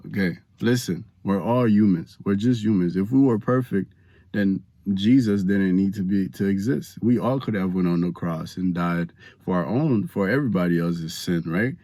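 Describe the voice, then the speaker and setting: A man giving casual faith advice to the camera, animated and slangy, talking straight to viewers. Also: deep voice, normal speed, dry recording. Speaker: Christian vlogger giving advice.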